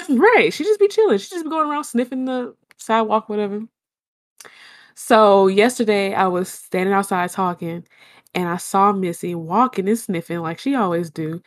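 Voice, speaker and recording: A young woman, telling a long story in casual chat and acting out her own shouts. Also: mid-range voice, moderate pace.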